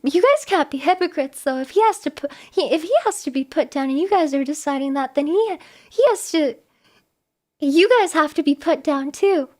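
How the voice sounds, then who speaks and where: High-voiced animated woman streamer. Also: normal speed. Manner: animated, exclamatory, mock-exasperated. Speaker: live streamer. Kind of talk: casual live-stream chat.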